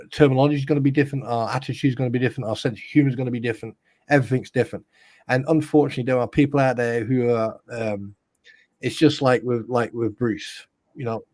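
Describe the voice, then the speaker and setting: A man's voice: mid-range voice, a little mellow, no room sound. A British man from the UK co-hosting a live stream, chatting casually in a rambling, joking way. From United Kingdom. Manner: rambling, joking, quick to mimic others. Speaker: stream co-host.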